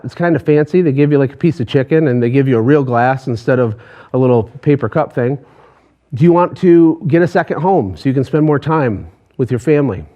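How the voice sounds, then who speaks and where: A man's voice: on the high side, a little mellow, lo-fi sound. A man, a business coach, giving a passionate motivational talk to an online audience, pushing hard with rhetorical questions.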